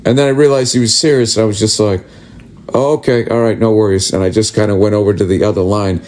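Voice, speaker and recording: A man's voice: on the low side, fairly even intonation, quick pace, a little mellow. A male comedian telling an exasperated, profanity-filled story about bad service in a podcast rant.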